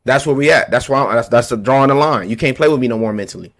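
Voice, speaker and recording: Talking fast in a mid-range voice, a male vlogger goes on a confrontational political rant straight to camera. He drives each point by repeating it in blunt street slang, clearly heated.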